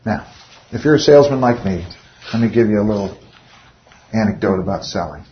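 A man's voice: fairly low pitch, animated, brisk, dull audio. A man leading an informal Bible study, speaking conversationally and often putting rhetorical questions to his listeners.

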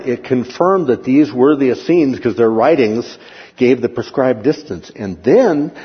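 A man giving a slide lecture on history, rambling with many pauses and fillers and asking and answering his own questions. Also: mid-range voice, slightly rough, long reverb tail, muffled recording.

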